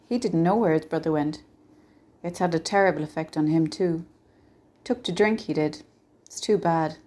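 A woman's voice: fairly low pitch, a little mellow, close to an everyday voice. A woman voicing a talkative, folksy older male real estate agent in a small town.

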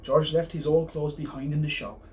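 A man reading a children's picture book aloud as a storyteller, in a lively, expressive way. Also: on the high side, normal speed. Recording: distant mic, faint hiss.

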